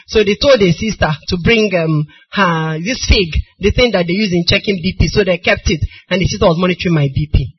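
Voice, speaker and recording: Nigerian lady preacher, husky voice, goes soft then cries out loud, muffled lo-fi recording. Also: medium pitch, fairly quick, hardly any pauses. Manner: emotional, swings from soft storytelling to crying shouts. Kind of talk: sermon. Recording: dull lo-fi recording.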